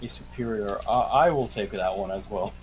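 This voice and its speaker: A man's voice: fairly low pitch, normal speed, slight background noise, rough recording. A man playing in a tabletop game, casual and joking. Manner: playful, joking. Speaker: player.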